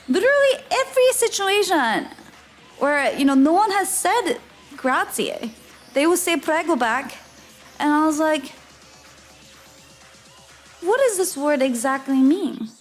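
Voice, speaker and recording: A woman streamer telling a travel story in casual live-stream chat, laughing often and filling her talk with "like". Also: high-pitched. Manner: chatty, laughs often, lots of "like" fillers.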